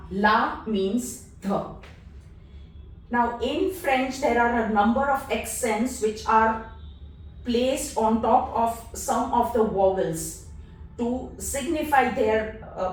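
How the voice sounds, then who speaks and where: Female teacher, unhurried and deliberate, spelling things out step by step; distant mic, roomy echo. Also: on the high side. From India. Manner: patient, spells out letters one at a time. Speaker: language teacher. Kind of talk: slow, deliberate lesson explanation. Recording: echoey room, voice off-mic.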